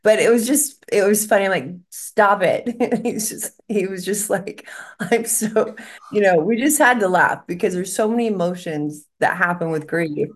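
A woman's voice: mid-range voice, moderate pace, few pauses. A woman, a medium co-hosting a podcast, talking in a rambling, emotional way and laughing often. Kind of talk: casual podcast conversation.

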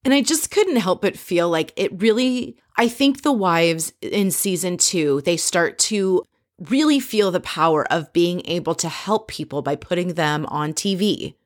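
Chatty, sarcastic woman recapping TV. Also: lowish voice. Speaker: reality TV recap host. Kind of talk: casual episode recap.

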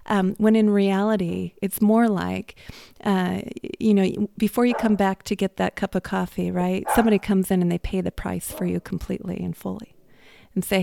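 Gravelly-voiced woman hosting a faith podcast. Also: mid-range voice, level tone, normal speed, warm tone, no room sound. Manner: reflective, storytelling with acted quotes. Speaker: podcast host. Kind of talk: casual faith conversation. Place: indoors at home or studio, drinking coffee.

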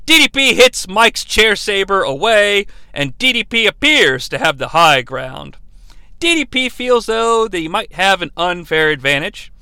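A man's voice: sits high, gravelly, sharp tone, no room sound. A man hosting a podcast, giving a theatrical, mock-dramatic play-by-play recap. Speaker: podcast host.

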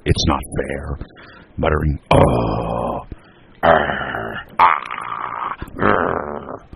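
A man telling a homely family story in an unhurried, drawn-out way. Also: deep voice, creaky, a little mellow, a little hiss or hum, rough recording. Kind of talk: storytelling narration.

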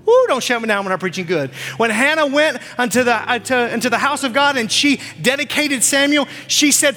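Pastor, man in his 40s, very high bright voice, fervent repetitive preaching, reverberant church, faint music under. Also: animated, brisk, hardly any pauses. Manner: impassioned preaching, repeats phrases. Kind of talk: sermon. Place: church stage.

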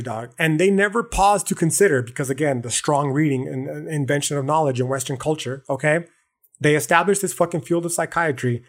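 Man, podcast host, raised voice, swears and slangs through a casual philosophy rant. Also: a little high. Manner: profane, slangy, animated lecturing.

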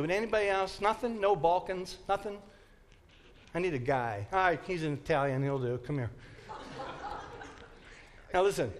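A man teaching a Bible class in a lively, joking way, acting out the story for his listeners. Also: sits high. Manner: animated, joking, acts out the story.

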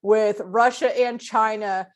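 A woman co-hosting a casual podcast who talks bluntly and fast, swearing as she worries aloud. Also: a little high, fairly even intonation. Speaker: podcast co-host. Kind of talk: casual political chat.

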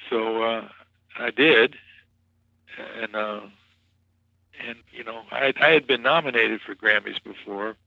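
A man's voice: on the low side, fairly even intonation, a little slow, gravelly, pauses often, no echo, dull audio. A man guest, a musician, telling stories in a casual interview, rambling with many restarts and "you know"s. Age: 40s or older.

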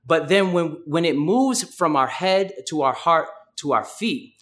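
A man's voice: fairly high pitch, lively intonation, unhurried, fairly bright tone. A young man preaching a sermon, earnest and conversational with casual asides, reading scripture aloud.

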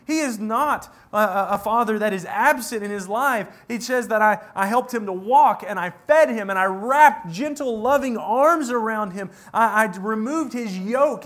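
A man with a high, light voice preaches and reads scripture aloud. He presses hard on some words, then drops to a hushed tone. His delivery is earnest and emphatic. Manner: emphatic, swings from loud to hushed. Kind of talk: sermon with scripture reading.

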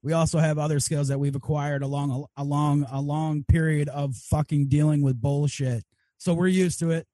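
A man's voice: fairly high pitch, fairly even intonation, moderate pace, dark tone, no room sound. Upbeat male podcast host. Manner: upbeat, grateful, profane. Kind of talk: casual chat.

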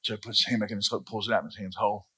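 A man's voice: lowish voice, little pitch movement, rapid-fire, bright, forceful tone, slightly rough. A man, preaching a sermon and telling stories as a pastor. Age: 40s. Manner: storytelling, acts out voices in anecdotes.

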